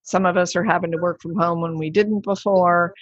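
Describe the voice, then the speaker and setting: A woman's voice: on the low side, steady tone, fairly quick, dry recording, lo-fi sound. A woman hosting an interview podcast, chatty and enthusiastic. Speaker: podcast host. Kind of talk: conversational interview.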